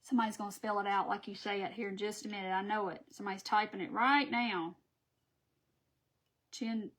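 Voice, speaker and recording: A woman's voice: medium pitch, steady tone, fairly quick, fairly bright tone. A woman hosting a live craft stream, chatting with viewers as she works and laughing at her own stumbles. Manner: chatty, laughing at herself, talking to viewers while working. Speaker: craft host.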